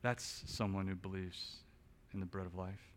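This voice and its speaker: A man's voice: low-pitched, fairly even intonation, moderate pace, a little hiss or hum. Male pastor preaching with swelling emphasis. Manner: builds to loud emphatic peaks, then drops quiet; conversational asides with small restarts. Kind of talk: expository sermon.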